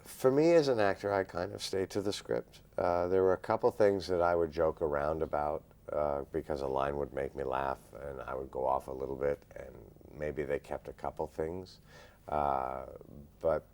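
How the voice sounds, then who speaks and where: A male actor answering interview questions in a measured, thoughtful way, pausing often. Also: rumbling low, vocal fry, a little mellow. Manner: measured, thoughtful, frequent "uh" pauses.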